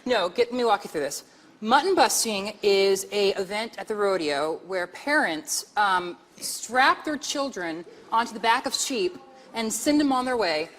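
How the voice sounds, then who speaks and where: A young man with a very high, light voice, chatting as a talk show guest, laughing often and stammering through restarts. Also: lively intonation, measured pace, a bit bright, in a large hall.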